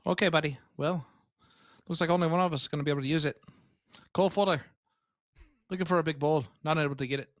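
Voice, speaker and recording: A man's voice: on the high side, fast, long pauses, no echo, studio quality. A man co-commentating a live darts stream, joking and teasing his partner. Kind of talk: live sports commentary, casual banter.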